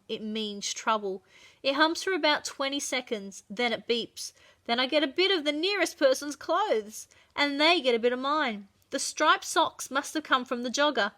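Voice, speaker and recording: Bright-voiced woman reading a storybook aloud. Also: high-pitched. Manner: expressive, dramatic read-aloud. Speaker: storyteller for children.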